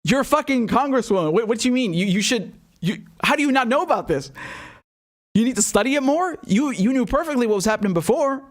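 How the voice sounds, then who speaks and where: A man's voice: extremely high pitch, animated, quick pace. A man reacting to political clips with profane, incredulous and mocking commentary. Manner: incredulous and mocking, swears often.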